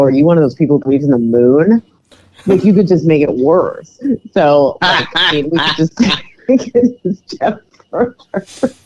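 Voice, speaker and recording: A woman with a low-pitched speaking voice, co-hosting a sports podcast. She jokes dryly and sarcastically. Her delivery is loose and filler-heavy in an easy conversational flow. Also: darkish tone, lo-fi sound, slight background noise. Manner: joking, sarcastic, many fillers. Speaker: podcast co-host. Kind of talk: casual chat.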